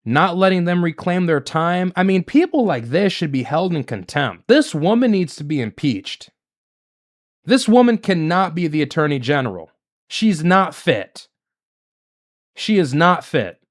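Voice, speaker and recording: A man's voice: a little high, very animated, measured pace. A man hosting a solo political commentary show, talking in an indignant, emphatic way and piling up rhetorical questions.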